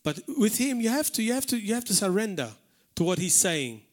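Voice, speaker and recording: A man's voice: sits high, sing-song, a little fast. A man preaching a live sermon in church, earnest and emphatic, repeating words for stress. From Malta. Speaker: pastor. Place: church hall, live service.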